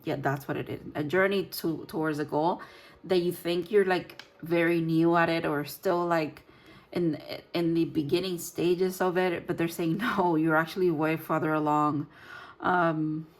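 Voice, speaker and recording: A woman's voice: lowish voice, steady tone, unhurried. Rambling woman giving a tarot reading. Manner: rambling, searching for words, frequent fillers. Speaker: tarot reader.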